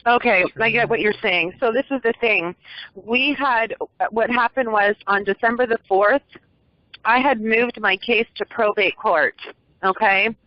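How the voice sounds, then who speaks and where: A woman's voice: fairly high pitch, a little slow, no room sound. A woman calling in as a guest, telling her story in a rambling way with many restarts and frequent checks that she is understood. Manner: rambling, restarts sentences, seeks reassurance. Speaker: guest caller. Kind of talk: casual call-in interview. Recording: muffled lo-fi call audio.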